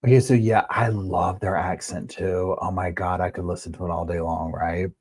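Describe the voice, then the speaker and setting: Deep husky man hosting a live chat. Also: fairly even intonation, normal speed, a little mellow. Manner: chatty, reads out viewer comments and news statements. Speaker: host of a live true-crime chat stream. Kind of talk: casual live-stream commentary.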